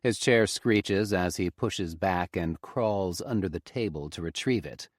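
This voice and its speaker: The narrator is a man voicing a first-person romance audiobook, low, intimate and unhurried. The close studio mic captures a dry recording.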